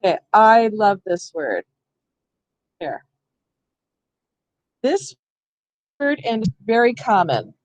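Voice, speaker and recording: A woman's voice: medium pitch, big pitch swings, slow pace, pauses often, no echo, highs cut off. Woman leading a reading workshop. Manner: explanatory, thinks aloud with restarts. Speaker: reading teacher trainer. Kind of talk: hands-on teacher workshop. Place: school room.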